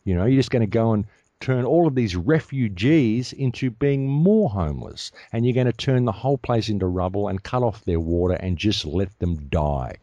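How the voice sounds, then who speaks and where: Low dark-voiced man, indignant. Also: expressive, moderate pace, dry recording, highs cut off. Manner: emphatic, indignant, ranting. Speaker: guest. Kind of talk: heated interview talk.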